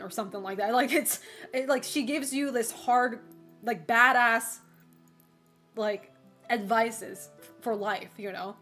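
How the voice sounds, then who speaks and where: A woman's voice: fairly high pitch, unhurried, fairly bright tone, soft background music. Rambling young woman streamer. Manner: rambling, filler-heavy, casual swearing, frequent laughter. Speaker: livestreamer. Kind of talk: casual chat while streaming.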